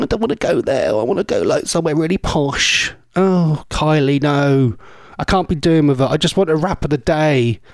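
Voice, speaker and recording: With a fairly high-pitched voice, a male radio presenter ambles through casual banter about listener messages. He teases the audience and slips into mock-posh asides, and the clean studio audio carries no echo.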